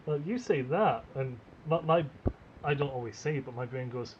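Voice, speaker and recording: A man's voice: medium pitch, normal speed, background noise. A man co-hosting a casual podcast chat, wry and swearing casually, recorded on dull lo-fi audio. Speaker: podcast co-host.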